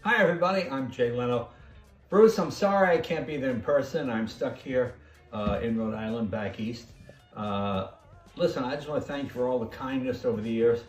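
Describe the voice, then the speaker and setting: A man's voice: mid-range voice, normal speed, faint music behind. A man sending a comic video birthday greeting, full of mock-serious tall tales. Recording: roomy, distant mic.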